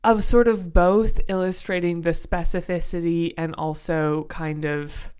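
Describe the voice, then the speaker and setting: A woman's voice: on the low side, fairly even intonation, measured pace, darkish tone, clean tone. A young adult woman co-hosting a book podcast, talking casually and thoughtfully, searching for words with many fillers.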